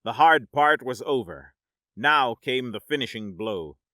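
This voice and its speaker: A man narrating a science-fiction story in a dramatic, measured audiobook style. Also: mid-range voice, animated, sharp tone, no echo, clean studio sound.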